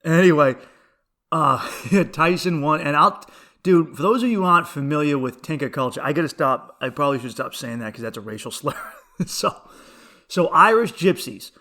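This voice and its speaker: A man's voice: a little high, expressive, moderate pace, bright, forceful tone. A young man hosting a podcast, telling rambling stories in a casual, profane comedic monologue and laughing often. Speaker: podcast host.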